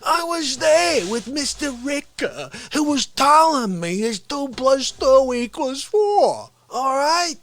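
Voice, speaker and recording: A man's voice: very high-pitched, very animated, takes it slowly, hardly any pauses, a bit bright, voice pushed up, heavily acted. A man putting on an exasperated middle-aged man who rants indignantly. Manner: indignant, ranting, incredulous.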